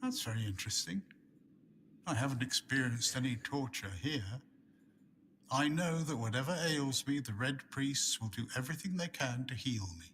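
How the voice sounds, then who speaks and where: A man's voice: mid-range voice, animated, normal speed, a bit bright, a little hiss or hum, natural voice. A man playing a serene, devout prisoner. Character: serene devout male prisoner, calmly accepting. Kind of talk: video game voice acting.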